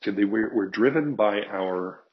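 A man's voice: lowish voice, a little slow, muffled recording. An older man telling frank stories in a casual monologue, acting out both sides of conversations. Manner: frank, animated storytelling with acted quotes.

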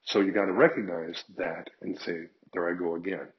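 A man's voice: low voice, moderate pace, lo-fi sound, slight background noise. An older man telling frank stories in a casual monologue, acting out both sides of conversations. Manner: frank, animated storytelling with acted quotes.

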